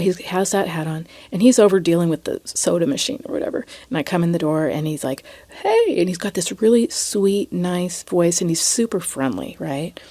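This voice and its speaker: A woman hosting a podcast, telling a personal story in a hesitant way, with frequent restarts and soft, near-whispered asides. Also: on the low side, dry recording. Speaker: podcast host.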